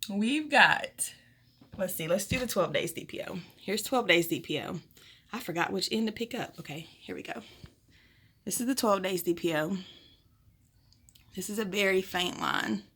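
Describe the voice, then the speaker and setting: A woman's voice: mid-range voice, animated, moderate pace, long pauses, a bit bright, slightly rough. Young woman, casual and frank, chatting to her viewers at home. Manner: chatty, frank, with many fillers. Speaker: vlogger sharing pregnancy test results. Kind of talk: casual chat to camera. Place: home, indoors.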